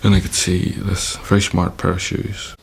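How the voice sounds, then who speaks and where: An Irish man recalling his time as a hostage in a measured, storytelling interview with wry humour. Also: low voice, monotone, vocal fry, husky. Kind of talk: reflective interview recollection.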